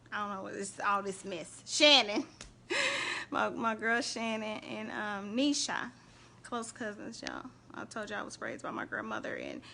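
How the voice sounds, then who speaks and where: A woman hosting a casual faith and relationship live stream, chatting animatedly and shouting out viewers by name. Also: medium pitch, creaky, slight background noise.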